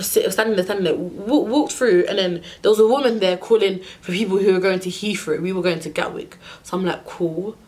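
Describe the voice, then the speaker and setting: A young woman telling a storytime rant to her vlog audience, exasperated and animated, acting out the people she argued with. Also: mid-range voice. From United Kingdom. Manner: exasperated, animated retelling with acted-out dialogue. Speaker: vlogger.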